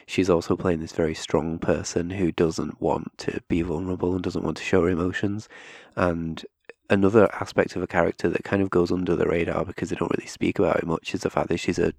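A young man co-hosting a casual film review podcast, who explains his points in an earnest, steady way. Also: sits low, fairly quick, vocal fry, no echo. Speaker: podcast co-host.

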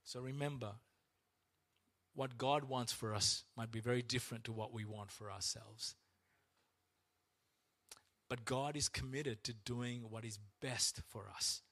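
A man's voice: measured pace, long pauses. A man preaching a sermon as pastor, acting out complaints to God in a raised, strained voice. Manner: animated, acts out complaints to God in a high strained voice.

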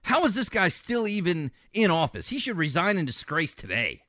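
A man's voice: high voice, sing-song, normal speed, pushed and bright, dry recording. Indignant male radio host, raised voice that swings widely, dry booth sound. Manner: indignant, ranting, sarcastic. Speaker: fill-in talk radio host. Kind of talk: political talk radio commentary.

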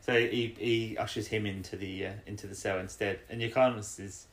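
A young man casually recapping a story as podcast co-host, animated and bursting into character voices. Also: fairly low pitch, fairly quick.

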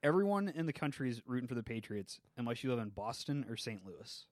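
A man co-hosting a podcast in casual chat, earnest, talking in quick bursts with lots of fillers. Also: medium pitch, big pitch swings, dry recording, clean studio sound. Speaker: podcast co-host.

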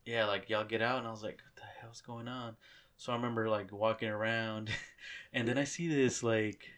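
A man's voice: lowish voice, steady tone, normal speed, a bit bright. A man co-hosting a podcast, telling a dream story in casual, profane chat. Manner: profane, storytelling, laid-back. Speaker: podcast co-host.

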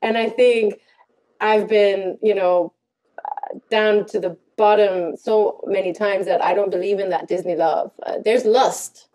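A woman co-hosting a podcast in casual chat, reflective and thinking aloud with pauses. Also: mid-range voice, fairly even intonation, mellow. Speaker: podcast co-host.

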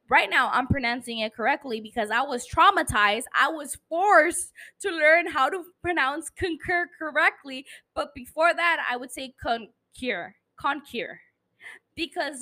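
A woman's voice: sits high, bright, forceful tone. A tipsy woman hosting a podcast in casual chat, speaking English as a second language and ranting profanely with lots of energy. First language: not English. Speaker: podcast host.

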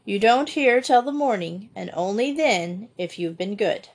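A woman reading aloud, voicing a kindly but firm male doctor who gives brisk orders. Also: medium pitch, lively intonation. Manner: brisk, commanding.

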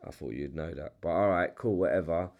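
A man's voice: sits low, brisk, phone-quality sound. A young man with a London English accent hosting a casual chat, restarting sentences, repeating himself and swearing freely. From England. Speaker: podcast host.

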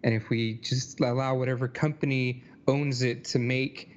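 A man's voice: mid-range voice, little pitch movement, moderate pace, dull audio. A man co-hosting a podcast, chatting casually and rambling with lots of filler words. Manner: rambling, many likes and you knows. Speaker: podcast co-host. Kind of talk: casual chat.

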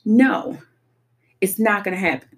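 A woman's voice: mid-range voice, unhurried. A young adult woman speaking earnestly and emphatically about personal experience, often repeating her points. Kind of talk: personal reflective talk.

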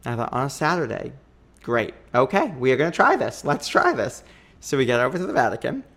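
A young man telling a long personal story in a casual podcast chat, acting out the quoted voices with lively energy. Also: mid-range voice, brisk, gravelly. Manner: animated, acts out quoted voices. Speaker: podcast guest.

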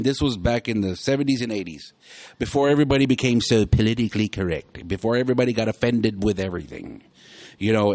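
Animated man hosting a show. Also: medium pitch. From South Texas. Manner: animated, rambling, laughs often. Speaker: podcast host. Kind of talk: casual chat.

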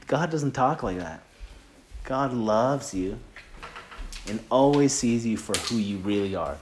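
A man's voice: on the low side, animated, measured pace, a little hiss or hum. A man leading a Christian group, giving a casual faith talk and sharing a testimony. He talks earnestly and conversationally, rambling with many filler "like"s and restarts.

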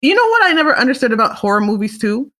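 A woman's voice: sits high, sing-song, rapid-fire, fairly bright tone. A young woman hosting a solo talk show, chatting casually and rambling with frequent restarts and laughter. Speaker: solo podcast host. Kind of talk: casual chat.

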